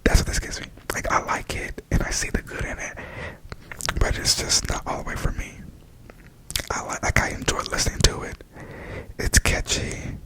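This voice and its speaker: A man softly speaking and whispering in a chatty ASMR review, full of fillers, close to the mic. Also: normal speed, low-quality recording. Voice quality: whispery, breathy.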